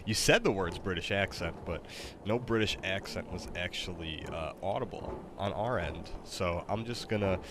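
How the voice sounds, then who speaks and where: Deep-voiced man rambling on stream. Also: expressive, normal speed, noisy background. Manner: rambling, lots of fillers and restarts, laughs easily. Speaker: game streamer. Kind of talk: casual livestream chat.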